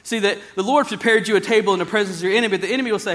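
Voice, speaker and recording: A man's voice: high voice, racing, fairly bright tone. A man pastor preaching a sermon in church, emphatic and repetitive, often restarting his words. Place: church service, also streamed to another campus.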